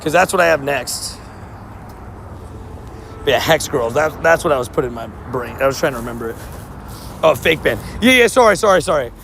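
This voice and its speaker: A mobile game streamer chats loosely with his viewers on a live stream, a little fast but with long pauses. His voice is fairly high for a man with a steady gravelly fry, and he often trips over words and bursts into laughter. Slight hiss or hum is audible.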